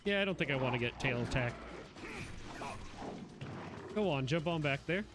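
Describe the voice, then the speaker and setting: A man's voice: medium pitch, animated, normal speed, noisy background. A man giving live gameplay commentary, playfully chatting to the monsters he fights. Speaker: game streamer. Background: game music.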